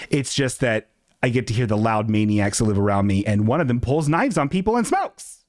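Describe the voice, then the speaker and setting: Streamer host, male, self-mocking ranter, lively pitch, dry close mic. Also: normal speed, no room sound. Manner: animated, self-mocking, jumps into high squeaky voices for quotes. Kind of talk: casual live-stream rant. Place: apartment.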